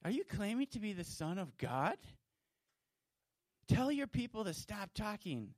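A man voicing angry male religious leaders who accuse and scold, rising to a near shout. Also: high-pitched, big pitch swings, measured pace, dry recording, studio quality, pitched above the performer's own voice, full character voice. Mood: indignant. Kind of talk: storytelling to children.

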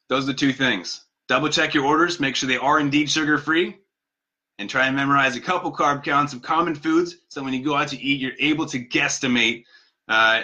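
A man's voice: mid-range voice, sharp tone. A man talking casually to viewers in an advice vlog, earnest and conversational, repeating his key points. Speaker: vlogger giving diabetes advice. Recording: dull lo-fi sound.

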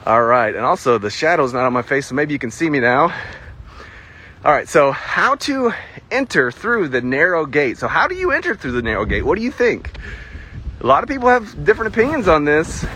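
A man's voice: on the high side, pushed and bright. A man giving a casual Bible teaching outdoors, talking to viewers and asking them questions. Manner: conversational, poses questions to viewers. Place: outdoors on a windy day. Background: faint wind ambience.

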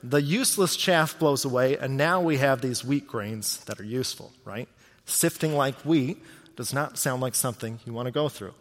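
A man's voice: mid-range voice, normal speed, a bit bright, long reverb tail. A man preaching a sermon as pastor, talking in a conversational way and often asking his listeners rhetorical questions.

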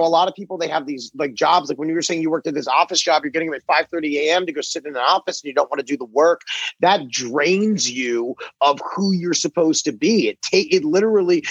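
A man's voice: on the high side, fairly bright tone, slightly rough, no room sound. A man, a comedian guest on a podcast, chatting casually and musing in long thoughtful runs. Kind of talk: casual chat. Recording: dull lo-fi sound.

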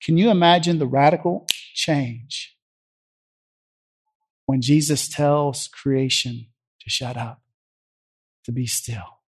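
A man's voice: medium pitch, takes it slowly, long pauses, breathy edge. A man preaching a sermon as vivid storytelling, acting out the scripture scenes as he tells them.

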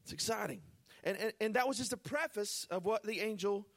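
This is a pastor with a high, light voice, preaching to a congregation in a relaxed, conversational way. He drops joking asides between points. When he reads scripture he slows down and goes soft. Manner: reads scripture slowly and softly. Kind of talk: sermon. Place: church service before a live congregation.

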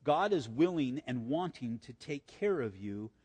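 An older male pastor gives a sermon in a church sanctuary thick with echoey hall reverb. His mid-range voice is a little mellow and slightly rough, with big pitch swings, and he talks a little slowly. He preaches earnestly and conversationally, sharing personal stories.

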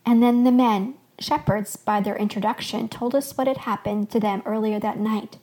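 Woman, podcast host, expressive story reading, fairly high voice. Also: moderate pace. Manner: expressive first-person storytelling. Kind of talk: reading a fictional story aloud.

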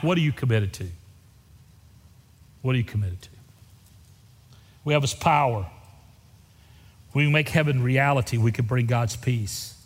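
A middle-aged pastor preaching a sermon, moving from folksy storytelling to fervent exhortation. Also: male voice, medium pitch. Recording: reverberant church hall.

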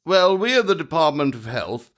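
A man's voice: fairly high pitch, very animated, normal speed, a bit bright. A man playing an earnest government minister.

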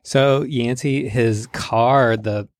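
A man telling funny stories in a casual podcast chat, acting out the people he quotes with sudden high-pitched voices and frequent laughter. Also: very slow, no room sound, studio quality. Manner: animated storyteller, acts out quotes with big pitch jumps, laughs often. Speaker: podcast host.

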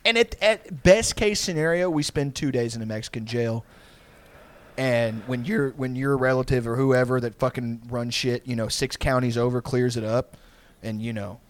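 A man's voice: mid-range voice, moderate pace, dry recording. A young man, telling a long story in casual chat, rambling and profane and laughing often.

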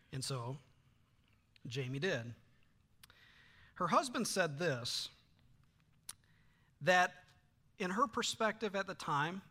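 Middle-aged male pastor, sermon delivery, high and sharply bright voice, animated storyteller. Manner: animated storytelling with frequent fillers and restarts.

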